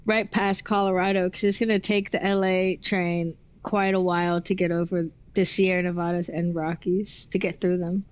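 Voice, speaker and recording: A woman's voice: on the low side, flat delivery, normal speed, few pauses, smooth, no room sound. A woman co-hosting a live stream, chatting casually and teasing her co-host. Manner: playful, teasing. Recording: dull lo-fi sound.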